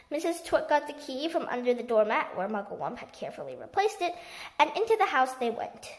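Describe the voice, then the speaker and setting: A woman reading a children's book aloud in a lively storytelling manner. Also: sits high, a little fast. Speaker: storybook reader.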